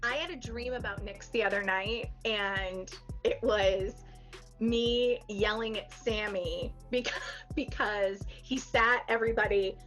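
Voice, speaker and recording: A woman's voice: mid-range voice, steady tone, measured pace, a bit bright, faint music behind. A woman comedian chatting casually on a podcast, telling stories, laughing often and acting out what people said. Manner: chatty storyteller, laughs often, acts out quotes. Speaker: comedian guest.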